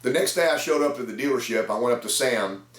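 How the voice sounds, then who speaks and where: Brief: man in his fifties, sales trainer, anecdotal storytelling, mid pitch, roomy sound. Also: animated, quick pace, recorded from a distance. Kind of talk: storytelling talk to camera. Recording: echoey room.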